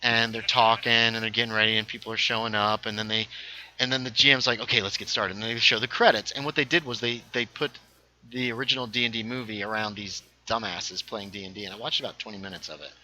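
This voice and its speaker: Male streamer from North Carolina, young adult, very bright tone, rambling and self-interrupting, casual gaming chat. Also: on the low side, steady tone, fast talker, poor audio. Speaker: livestream host.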